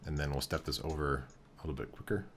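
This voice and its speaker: A man with a very deep, low voice talks through a building project in a game, thinking aloud as he goes. His delivery is relaxed and halting, with fillers and restarted phrases. A faint hum sits in the background. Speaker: game streamer. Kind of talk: casual commentary while building in a game.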